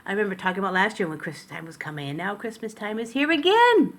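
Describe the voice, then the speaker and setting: A woman's voice: medium pitch, sing-song, fast. Older woman vlogger, casual and meandering, self-corrections, kitchen recording on a tablet. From Canada. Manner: chatty, rambling, self-interrupting. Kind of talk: casual chat to camera. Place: home kitchen. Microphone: tablet camera.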